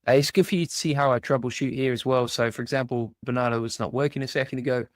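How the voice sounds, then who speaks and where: A British man giving a casual step-by-step software tutorial, often checking in with "right?" as he clicks through screens. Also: mid-range voice, fairly even intonation, quick pace, dry recording, clean studio sound. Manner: casual step-by-step walkthrough, frequent "right?" and "basically". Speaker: course instructor.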